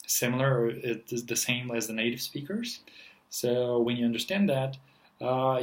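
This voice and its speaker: A man's voice: mid-range voice, rough recording. A man teaching in a casual, rambling lesson, with many fillers and restarts. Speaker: language teacher.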